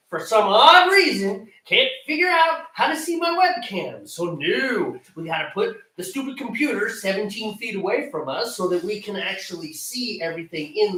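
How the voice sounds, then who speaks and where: A man's voice: high-pitched, big pitch swings, moderate pace, sharp tone. A man co-hosting a home brew stream, ranting in a casual, exasperated, self-mocking way. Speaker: homebrewer co-host of a live stream. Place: home brewing area, computer far away. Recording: roomy sound from a mic far off.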